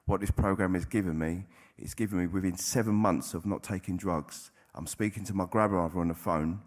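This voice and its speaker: Here a recovering addict at a convention speaks in a low-pitched, steady voice, moving a little fast. He's candid and blunt with his audience, cursing frequently in plain language.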